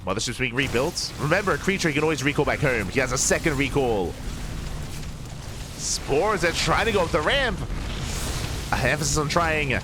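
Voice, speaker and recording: A man casting a live strategy game match, calm in his play-by-play and bursting with excitement when the fights break out. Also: a little high, moderate pace, pauses often, over music. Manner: excitable, rising sharply in big moments. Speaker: esports caster.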